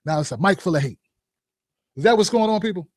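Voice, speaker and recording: A man's voice: sits high, expressive, fast talker, dry recording, studio quality. A man hosting a commentary show, joking and firing rhetorical questions and asides at his viewers. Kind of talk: opinion commentary vlog.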